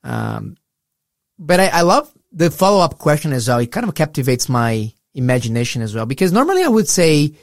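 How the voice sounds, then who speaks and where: A man's voice: a little high, wildly swooping pitch, a little fast, vocal fry, dry recording, clean studio sound. A middle-aged man co-hosting a casual Bible discussion, earnest and reflective in a pastoral way. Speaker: podcast co-host.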